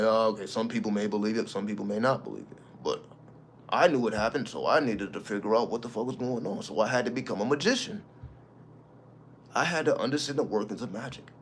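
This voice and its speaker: A man with a low-pitched voice holds forth as the host of his channel in an unscripted monologue. He talks with heavy emphasis, swears often and explains his ideas like a preacher. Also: a little hiss or hum. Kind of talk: casual spiritual monologue.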